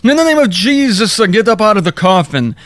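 A man voicing an overzealous man who commands a corpse to rise, in strained, pleading shouts. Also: high voice, very animated, fairly quick, no echo, voice pushed up. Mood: commanding.

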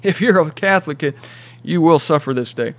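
A man's voice: on the high side, expressive, moderate pace, dry recording. A man hosting a rambling, sarcastic solo commentary from a cheap small studio, mocking and self-deprecating. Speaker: host.

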